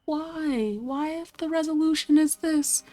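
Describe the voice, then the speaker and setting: A gaming streamer talks casually to herself at her computer, getting exasperated and swearing at the game she's playing. Her voice sits high with a dark tone, her pace a little slow, and faint music plays in the background.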